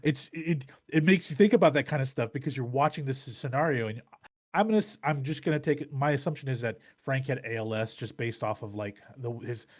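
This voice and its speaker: A man's voice: mid-range voice, fairly quick. A man hosting a podcast, chatting casually in a rambling way with frequent restarts and swearing. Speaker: podcast host.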